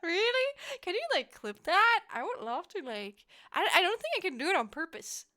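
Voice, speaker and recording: A woman's voice: very high-pitched, big pitch swings, normal speed, sharp tone. A young woman from Germany, chatting casually with viewers on a live stream, giggling often and rambling playfully.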